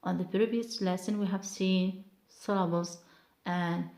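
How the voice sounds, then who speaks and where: A woman teaching an English lesson, explaining step by step in a careful, measured way. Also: on the low side, fairly even intonation, darkish tone, roomy sound.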